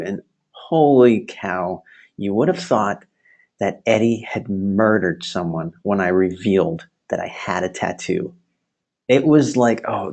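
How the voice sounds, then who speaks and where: A male instructor giving a virtual class, telling a story in an animated, chatty way and laughing often, over a video call. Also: lowish voice, slightly rough.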